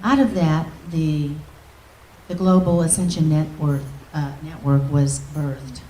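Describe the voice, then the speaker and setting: A woman minister telling an emotional testimony in a storytelling manner, often dropping to a soft, near-whispered voice. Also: low voice, steady tone, takes it slowly, slight background noise. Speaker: guest minister. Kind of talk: testimony preaching. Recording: echoey hall, distant mic.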